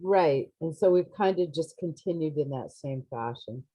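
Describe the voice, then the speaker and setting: A woman's voice: low voice, expressive, normal speed, warm tone, breathy edge, dry recording. A woman town official explaining matter-of-factly at a town meeting. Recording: dry close sound, dull lo-fi.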